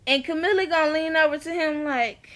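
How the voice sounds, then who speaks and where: Woman, sassy, blunt, chatty recap, high bright voice. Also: brisk. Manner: sassy, blunt, laughs at her own jabs. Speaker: TV episode reviewer. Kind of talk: casual recap vlog.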